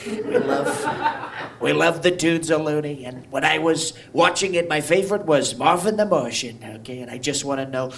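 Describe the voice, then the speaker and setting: A man's voice: fairly high pitch, big pitch swings, normal speed, gravelly. A stand-up comedian doing an impression of a boastful older male president who praises himself and tags sentences with "okay?". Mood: bragging. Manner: repetitive "okay?" tag, rambling bragging. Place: bar with live audience. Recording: crowd noise in a bar.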